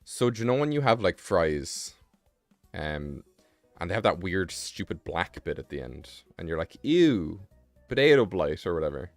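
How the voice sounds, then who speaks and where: Low-voiced British man rambling casually. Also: animated, moderate pace, no room sound, soft background music. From Britain. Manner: rambling, self-mocking, swears freely. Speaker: streamer. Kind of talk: casual live-stream chat while drawing.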